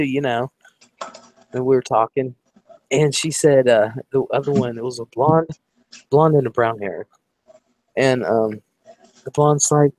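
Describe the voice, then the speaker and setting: A man's voice: medium pitch, a little slow, long pauses, no echo. A man from Ohio telling a rambling personal story in casual chat. He swears freely and acts out the voices of the people in it. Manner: animated, profane, acts out quoted voices.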